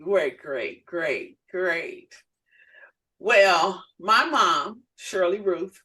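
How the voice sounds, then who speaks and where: A woman's voice: on the low side, very slow. A woman minister co-hosting a casual chat, telling family stories and acting out the voices of people she quotes. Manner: animated storyteller who acts out quoted voices. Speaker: minister and podcast co-host.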